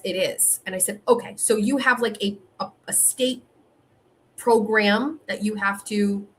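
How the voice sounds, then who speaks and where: A middle-aged woman hosting her own show, telling a story in a casual monologue and acting out both sides of a frustrating phone call. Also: mid-range voice. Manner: animated, reenacts phone calls, rising frustration. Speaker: show host.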